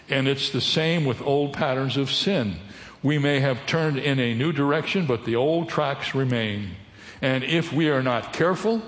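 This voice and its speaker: A man preaching a sermon as a pastor, teaching and putting questions to his congregation. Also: mid-range voice. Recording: echoey hall with long reverb.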